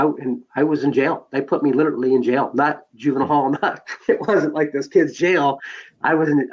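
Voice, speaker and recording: Man from Southern California, mid-pitched, talks through his past in a loose, rambling way, dull lo-fi sound. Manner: rambling storyteller, many fillers and restarts. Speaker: podcast guest. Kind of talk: personal life story told in conversation.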